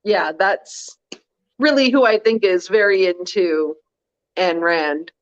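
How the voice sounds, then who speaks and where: A woman's voice: medium pitch, slow. A woman co-hosting a casual live chat, telling stories in a chatty, wry way. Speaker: co-host. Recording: dull, lo-fi audio.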